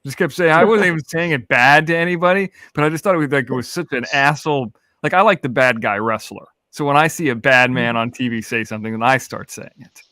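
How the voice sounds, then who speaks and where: A man's voice: mid-range voice, fast talker, sharp tone, no echo. A middle-aged man hosting a casual panel chat, rambling and laughing through his stories. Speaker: host.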